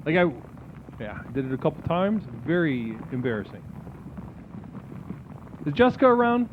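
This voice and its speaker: A man's voice: fairly high pitch, big pitch swings, normal speed, background noise. A man hosting a comedic new-age call-in stream, talking in a soothing spiritual-guru patter. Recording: phone-like lo-fi with faint music.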